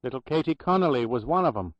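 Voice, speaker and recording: A man voicing a talkative, wry elderly Irish hospital clerk with a loud brogue, on a dull, dry recording. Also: medium pitch, animated, fast, dry recording, voice pushed up, lightly acted. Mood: sardonic. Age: older. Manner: loud brogue, sardonic storytelling.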